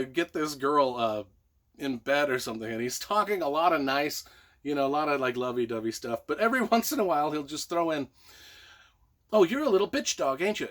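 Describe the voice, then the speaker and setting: A man's voice: a little high, a bit bright. A man giving a casual, rambling book review, swearing often and slipping into goofy voices. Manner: rambling, profane, acts out silly voices.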